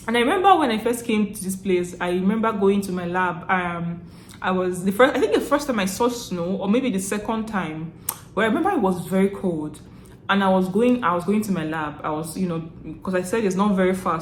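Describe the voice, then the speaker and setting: A young woman from Nigeria with a Nigerian accent, telling stories to camera in a chatty, animated way, often laughing and restarting her sentences. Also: mid-range voice, fairly quick, echoey room, slight background noise. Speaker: vlogger. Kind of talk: casual storytelling to camera.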